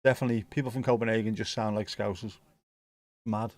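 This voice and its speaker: A man's voice: on the low side, fairly even intonation, fast talker, no room sound. A man hosting a football watch-along stream, chatting casually and joking as he reads viewer comments.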